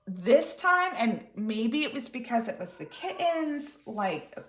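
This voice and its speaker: A woman's voice: on the high side, big pitch swings, takes it slowly, fairly bright tone, echoey room. A woman, a mother, telling a story casually to her viewers, chatty and full of quoted dialogue. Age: adult mother of school-age daughter. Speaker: vlogger.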